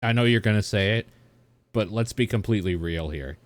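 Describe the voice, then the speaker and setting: A man's voice: fairly low pitch, a little fast, no room sound. A man giving rambling, casual commentary while reacting to a video, laughing now and then. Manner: chatty, rambling, laughs often.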